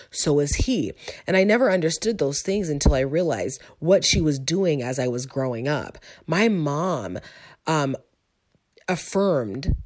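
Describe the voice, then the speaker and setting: A woman's voice: low voice, darkish tone. Reflective woman telling her life story. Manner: reflective and conversational, with frequent ums. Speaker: teacher sharing a personal story. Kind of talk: personal testimony storytelling.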